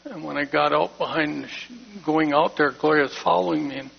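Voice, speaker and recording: A man's voice: a little high, fairly even intonation, brisk. A man giving an emotional personal testimony in church, plain-spoken and heartfelt. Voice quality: gravelly, husky voice. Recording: dull lo-fi recording.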